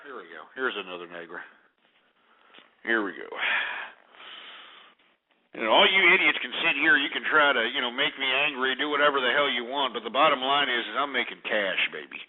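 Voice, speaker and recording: A man hosting a call-in radio show, ranting loudly and profanely at callers. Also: medium pitch, lively intonation, brisk, long pauses. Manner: loud, profane ranting with angry outbursts. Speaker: talk radio host. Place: radio studio in Texas. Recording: tinny phone-line sound.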